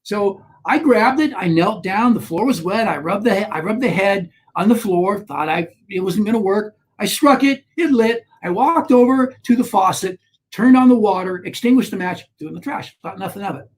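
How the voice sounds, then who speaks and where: Animated man telling a personal story. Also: high-pitched, moderate pace, slightly rough. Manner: animated, with frequent restarts and rising emphasis. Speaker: guest, author on shame.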